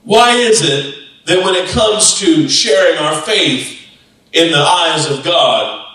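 A male pastor preaching a lively sermon and acting out the voices of the disciples, recorded in a church sanctuary. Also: on the high side, slow, recorded from a distance. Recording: echoey church hall, off-mic.

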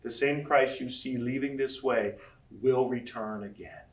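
A man preaching a sermon as pastor, animated, acting out scripture quotes and asking the room questions. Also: medium pitch, a little slow. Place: large room with audience. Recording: echoey room from far off.

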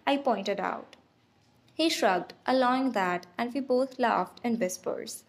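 Woman reading a novel aloud, first person, hushed and intimate, slow, kinda high voice. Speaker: audiobook narrator. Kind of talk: first-person audiobook narration.

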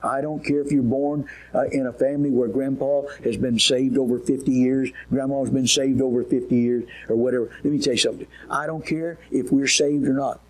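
A man's voice: mid-range voice, steady tone, brisk, few pauses, poor audio. A man preaching a sermon in a folksy, emphatic way, often asking the listeners questions.

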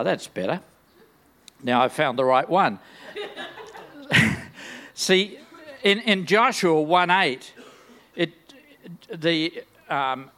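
An older man preaches a sermon in a high voice and at an unhurried, deliberate pace. He is enthusiastic and slips in joking, self-deprecating asides as he speaks to a large church. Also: sharp tone. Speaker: guest preacher.

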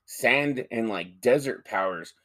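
This is a man co-hosting a casual podcast, swearing freely as he argues his point with animated energy. His voice sits at a middle pitch for a man. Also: slow. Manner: profane, animated arguing. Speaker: podcast co-host.

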